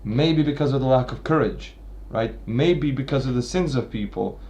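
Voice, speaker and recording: A male literature commentator gives an unscripted analytical talk on a literary work in a medium-pitched, dark-toned voice at normal speed. He thinks aloud, restarting often and checking in with frequent "right?" tag questions.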